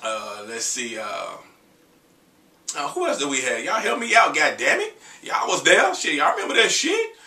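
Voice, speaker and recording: A man's voice: on the high side, wildly swooping pitch, moderate pace, bright, forceful tone, reverberant, recorded from a distance. A man in his thirties, an R&B singer, chatting casually and profanely while getting over a cold. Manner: loose, profane, joking chat between sung snippets. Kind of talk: casual vlog with singing.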